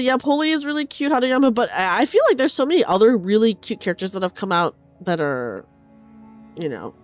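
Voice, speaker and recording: Animated, chatty woman streamer. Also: mid-range voice, dry recording. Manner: animated, chatty, reads chat aloud. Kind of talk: casual game stream commentary.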